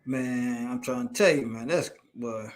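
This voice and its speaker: A man co-hosting a casual chat about a live wrestling show. He teases his co-host and throws in quick, animated reactions. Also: medium pitch. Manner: animated, teasing, quick interjections.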